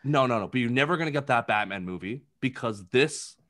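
A man in a casual podcast chat, rambling through his take on a film with a steady stream of filler words. He talks at an ordinary middle pitch and keeps breaking into quick impressions as he goes. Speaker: podcast co-host. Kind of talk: casual movie review chat.

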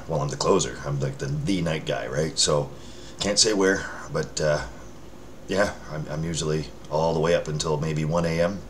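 A vlogger checks in with his followers, chatting casually to camera indoors under a lamp near a window. He rambles and pokes fun at himself, using filler words and restarting sentences, in a low voice with slight background noise.

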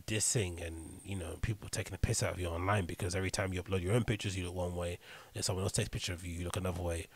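A man's voice: deep voice, breathy edge, no room sound. A young man hosting a podcast, reading news aloud and giving wry, rambling commentary with the odd laugh. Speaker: podcast host.

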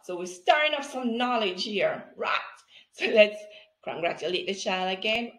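A woman teaching reading with phonics, speaking slowly and clearly in an encouraging way. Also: mid-range voice, animated, fairly bright tone, reverberant. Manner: slow, enunciated, encouraging. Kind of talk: phonics tutorial for parents.

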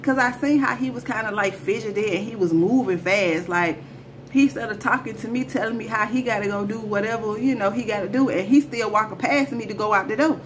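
A woman talks straight to her viewers while she retells a personal story in a casual storytime vlog. Her voice sits at an ordinary middle pitch. Her delivery is loose and animated, full of slang, and a light background hiss stays under it throughout. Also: brisk. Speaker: storyteller vlogger.

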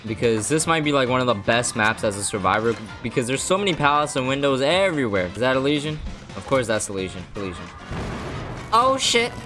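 Young male streamer, wired and excitable, swears a lot, very lively pitch. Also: fast talker, soft background music. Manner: hyper, excitable, swears often. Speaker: gaming streamer. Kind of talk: hyped gameplay commentary.

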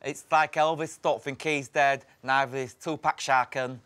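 A man's voice: medium pitch, steady tone, moderate pace, fairly bright tone, clean tone, close to an everyday voice. A man playing a plain-spoken male fan who talks matter-of-factly.

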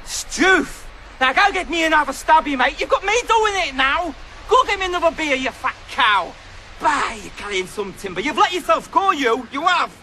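A cocky, crude lad. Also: male voice, very high-pitched, very animated, moderate pace, sharp tone, slight background noise, exaggerated voice. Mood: ranting. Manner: cheeky, insulting banter. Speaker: comic character. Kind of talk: comedy sketch acting.

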